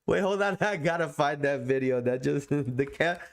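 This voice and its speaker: A man's voice: on the high side, normal speed, gravelly. A male podcast host in casual sports chat with his audience, laid-back and slangy, often breaking into laughter.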